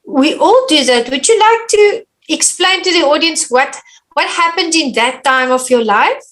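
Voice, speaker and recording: A woman's voice: high voice, expressive, a little slow, fairly bright tone. A woman hosting an interview, affirming her guest and relating her own experience before asking a question. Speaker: podcast host. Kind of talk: interview conversation.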